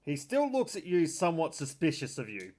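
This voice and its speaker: A man's voice: fairly high pitch, fairly quick. A man narrating a tabletop game as game master, voicing guards in between. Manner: lively narration with in-character asides. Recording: faint background noise.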